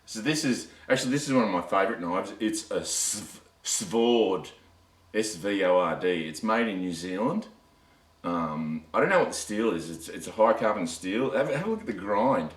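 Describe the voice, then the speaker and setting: A man's voice: lowish voice, expressive, moderate pace. A man giving a rambling, mocking rant, recorded at home at night. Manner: mocking, with wry laughs. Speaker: knife reviewer. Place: at home at night under bright lights. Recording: roomy sound from a distant mic.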